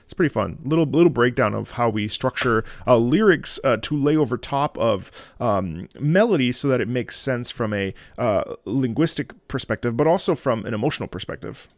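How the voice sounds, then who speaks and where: A man's voice: medium pitch, lively intonation, normal speed, hardly any pauses, no room sound. A man hosting a music reaction, explaining a song in a casual, musing way. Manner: musing, explanatory, often hums or sings lines.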